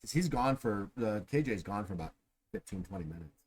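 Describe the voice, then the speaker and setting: A man running a tabletop game as game master, relaxed and laughing as he narrates the tavern scene. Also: on the low side, fairly quick, husky, rough recording.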